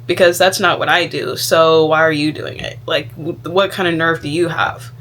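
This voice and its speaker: A woman's voice: sits low, fairly even intonation, fairly bright tone, slight background noise. A woman doing her scornful, dismissive mother. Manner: dismissive, quick, belittling. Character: scornful competitive middle-aged mother.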